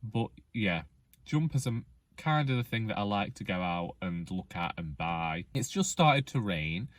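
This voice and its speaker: A man's voice: lowish voice, no room sound. A man, rambling wryly and self-deprecatingly in a casual vlog, talking outdoors in the rain under a hood. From England. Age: 20s. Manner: chatty, self-deprecating, wry. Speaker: vlogger.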